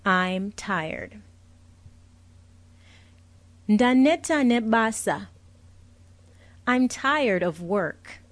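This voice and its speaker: A woman's voice: mid-range voice, expressive, very slow, pauses often, dry recording. A young adult woman teaching vocabulary, saying each word carefully and repeating it with a translation. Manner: patient, clear, explains each word with a translation. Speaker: language teacher.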